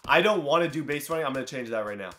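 A young man giving excited commentary on his own video game play, talking to his viewers and reacting loudly to every play. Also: on the high side, very fast. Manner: hyped, talks to himself and viewers, swings from thrilled to dejected. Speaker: gaming YouTuber.

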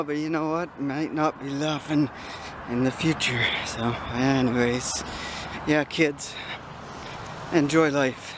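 A man's voice: on the high side, steady tone, takes it slowly. Older man, chatty vlogger, handheld camera, street noise behind, easily sidetracked. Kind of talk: casual vlog narration. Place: outdoors in a city street. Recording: noisy outdoor camera audio.

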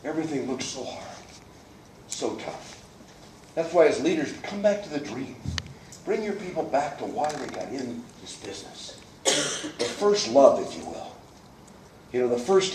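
A man's voice: medium pitch, lively intonation, a little slow, pauses often, a little mellow, slight background noise. A man giving a folksy, emphatic motivational talk at a business coaching event, acting out the people he describes. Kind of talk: live motivational talk to an audience. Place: event hall, indoors. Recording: echoey hall, voice picked up from far off.

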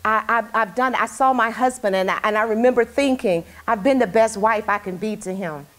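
A woman's voice: on the high side, fairly quick, fairly bright tone. A woman talk show host, now the guest in an interview, telling a personal story in a candid, heartfelt way.

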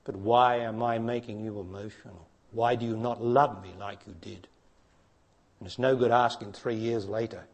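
A man giving a spiritual talk to an audience, blunt and challenging, dropping to hushed tones and then rising to emphatic ones. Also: steady tone, normal speed. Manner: blunt, challenging, preacher-like, asks direct questions; swings between hushed low passages and raised emphatic ones. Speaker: spiritual teacher.

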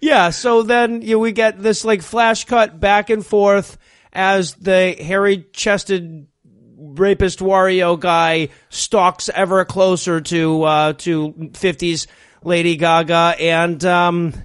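A man's voice: sits high, flat delivery, takes it slowly, clean tone, dry recording, studio quality. A man co-hosting a comedy podcast, recapping a film sarcastically and laughing often. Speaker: podcast co-host. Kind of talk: casual comedic movie riffing.

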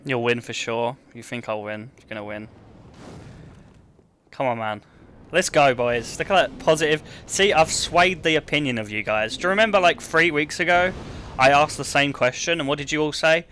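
A young man with a British accent chats with his viewers while he plays, reading their comments aloud and joking back. His voice is bright and forward, even though he's feeling sick. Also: fairly high pitch, normal speed, slight background noise. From United Kingdom. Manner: joking, banter with chat, reads comments aloud. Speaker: streamer. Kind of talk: casual live-stream chat while gaming.

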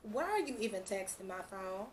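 A woman's voice: mid-range voice, big pitch swings, moderate pace, background noise, natural voice. A woman voicing a sassy woman who brushes off a returning ex with a dismissive, bougie drawl.

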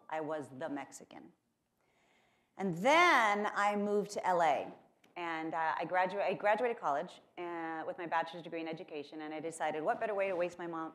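A woman's voice: fairly low pitch, fairly bright tone. A woman from Texas giving a keynote speech, telling chatty, self-mocking stories with lots of fillers. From Corpus Christi, Texas. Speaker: keynote speaker. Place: lecture hall at a conference.

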